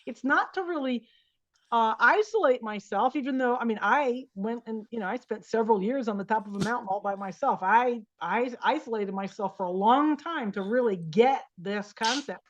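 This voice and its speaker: A woman's voice: fairly high pitch, normal speed, a little hiss or hum. Earnest woman on dull lo-fi audio. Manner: earnest, repeats phrases for emphasis. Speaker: guest, life coach. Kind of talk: reflective interview talk.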